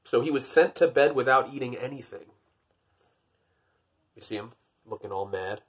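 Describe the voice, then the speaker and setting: A man's voice: medium pitch, normal speed, breathy edge. A man reading a picture book aloud, breaking off for dry, wry, self-deprecating jokes between the pages. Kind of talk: storybook reading with joking asides.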